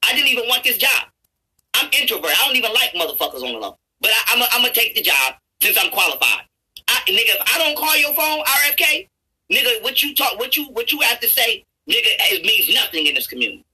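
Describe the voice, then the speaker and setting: Husky bright-voiced guy ranting on his channel, cusses a lot, trips over his words and yells. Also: sits high, sing-song, fast talker, poor audio. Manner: profane, repetitive, stammering restarts, rising to shouts. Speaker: YouTuber. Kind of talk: angry ranting commentary over a played clip.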